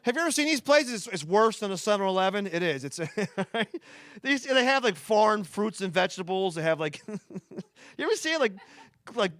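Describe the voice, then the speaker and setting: A man with a Philadelphia accent doing a stand-up comedy set before a live audience, talking fast and rambling with restarts and asides to the crowd. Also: high-pitched, lively intonation, fairly bright tone, no echo.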